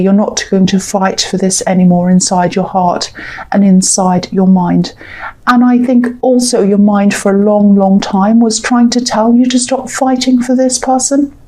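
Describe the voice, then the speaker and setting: A woman's voice: mid-range voice, darkish tone. Female tarot reader, casual and rambling, scratchy throat with recurring coughs. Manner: rambling and hedging, many "I think" and "um". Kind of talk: casual spoken tarot reading.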